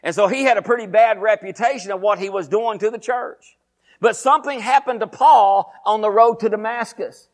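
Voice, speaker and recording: Male preacher, slightly higher pitch; rapid, emphatic delivery that circles back on its phrases. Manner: fast-talking, emphatic, repeats phrases. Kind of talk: sermon.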